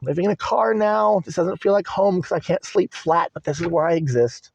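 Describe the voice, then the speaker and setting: A man's voice: high voice, fairly quick, gravelly, breathy edge, no echo. A young man venting in a rambling, agitated monologue from inside his car, swearing and repeating himself. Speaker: vlogger. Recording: dry, muffled lo-fi recording.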